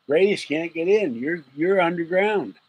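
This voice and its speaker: A man's voice: fairly high pitch, expressive, a little slow, darkish tone, slightly rough, poor audio. A man hosting a late-night livestream, rambling and joking with viewers, chuckling often and getting sleepy. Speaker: livestream host.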